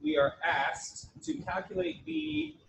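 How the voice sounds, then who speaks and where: A man's voice: very high voice, huge pitch swings, takes it slowly, vocal fry, slight background noise, poor audio. A young man giving a casual online college economics lecture, chatty and jokey, often checking in with "right?".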